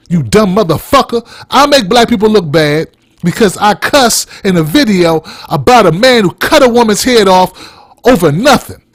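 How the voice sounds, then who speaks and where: A man's voice: high-pitched, a bit bright, dry recording, clean studio sound. A man hosting a podcast, delivering a heated, blunt opinion rant full of swearing. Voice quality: blunt, heated, heavy cursing. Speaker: podcast host.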